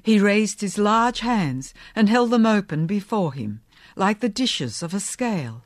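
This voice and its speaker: A woman narrates a novel in the first person with a dramatic, expressive delivery. She reads slowly, and her pitch moves widely from phrase to phrase. The recording is dry and close, with no room sound. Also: no room sound. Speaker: audiobook narrator.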